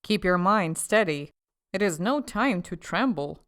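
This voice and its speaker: A woman voicing a scheming, two-faced male official who talks in a sly, half-mocking and forceful way, in an audiobook. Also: medium pitch, lively intonation, unhurried. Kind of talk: audiobook character voice.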